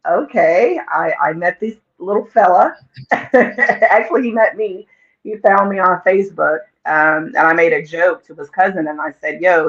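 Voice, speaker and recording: Animated woman in her forties, lo-fi. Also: fairly low pitch, gravelly. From North Carolina, USA. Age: 40s. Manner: animated, laughing, tumbling storyteller. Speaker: guest. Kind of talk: casual storytelling interview. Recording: dull lo-fi audio.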